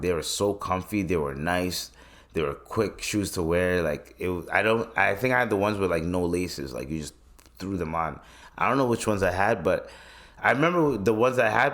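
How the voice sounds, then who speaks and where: A man's voice: low-pitched, fairly bright tone. A man in his twenties hosting a podcast, chatting loosely and rambling with plenty of swearing. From Canada. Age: 20s. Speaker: podcast host. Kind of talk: casual podcast chat.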